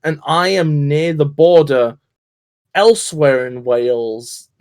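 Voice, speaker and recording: Casting: mid-pitched streamer, mild northern English accent, sweary and animated. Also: slow pace, clean tone. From north of England. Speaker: streamer co-host. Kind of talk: casual chat over a game stream.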